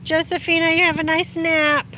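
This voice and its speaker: Outdoors in the sunlight, a woman hosts a casual livestream from her phone, reading viewer comments, greeting people warmly and laughing often. Her voice is very high with little pitch movement and a normal pace. A faint hiss or hum sits under the recording.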